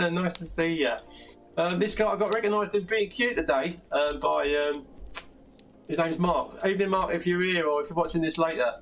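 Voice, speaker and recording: Chatty older man, gravelly voice. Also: fairly high pitch, moderate pace, a bit bright, soft background music. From South London. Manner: chatty, laughs often, many restarts. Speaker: live stream host answering plastering questions. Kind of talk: casual live stream chat. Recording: slightly distant mic with faint background noise.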